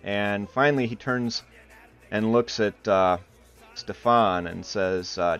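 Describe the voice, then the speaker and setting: An Iowa man's lowish voice comes across steady, slow, fairly bright, clear and resonant as he narrates a tabletop game livestream as game master. He rambles with fillers galore and slips into playful character voices; the recording is muffled with faint music.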